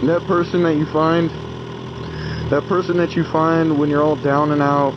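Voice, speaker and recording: Brief: earnest man vlogging about faith, slightly high voice, car noise underneath. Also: level tone, lo-fi sound. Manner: earnest, halting with restarts. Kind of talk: casual faith vlog.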